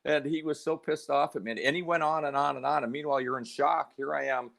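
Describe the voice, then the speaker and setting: A man's voice: fairly high pitch, fast, vocal fry, background noise. A middle-aged man from Canada, a hockey analyst, telling stories in a casual podcast chat and acting out the voices he quotes. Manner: animated storyteller, acts out quoted voices.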